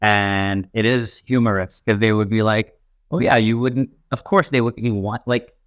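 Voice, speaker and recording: A man's voice: on the low side, normal speed, clean tone, no room sound. Rambling young man, dry close sound. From Pakistani family, raised in Texas, later Canada. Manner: rambling and animated, many fillers, laughs while telling. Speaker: stand-up comedian guest. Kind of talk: casual interview talk.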